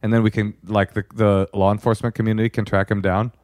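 A man's voice: on the low side, quick pace. A man co-hosting a podcast, joking through advice to a caller. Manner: joking, animated. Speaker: podcast co-host. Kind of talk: casual podcast chat.

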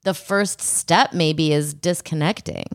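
Middle-aged female co-host, lowish voice, rambling casual chat, dry close mic. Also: slow, no echo. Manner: chatty, rambling, many "like" fillers. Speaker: podcast co-host. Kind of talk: casual podcast banter.

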